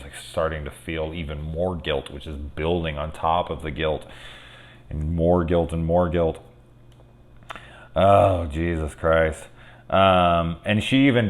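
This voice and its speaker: A man hosting a casual spoiler film review, excitable and rambling, swearing freely and saying "like" a lot. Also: a bass voice.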